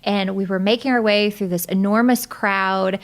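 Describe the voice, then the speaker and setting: A woman's voice: mid-range voice, steady tone, moderate pace. A woman in her thirties, a podcast guest, telling her personal story in a vivid, candid way, often breaking into laughter.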